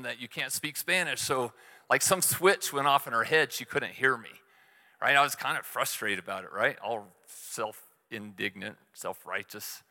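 A middle-aged man preaching a sermon, telling stories in a relaxed, conversational way with self-deprecating humor. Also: mid-range voice, big-room sound. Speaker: church speaker.

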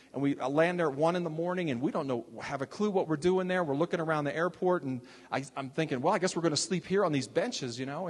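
Animated older man telling a story, reverberant. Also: on the high side. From Texas. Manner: animated, chatty storyteller with many restarts and asides. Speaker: ministry leader telling his testimony. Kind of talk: casual storytelling testimony.

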